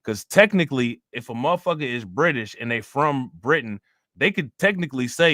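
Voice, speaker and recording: A man's voice: medium pitch, expressive, a little fast, sharp tone, no echo, clean studio sound. A man hosting a live stream, talking loosely and profanely, laughing often and repeating himself. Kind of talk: casual live-stream commentary.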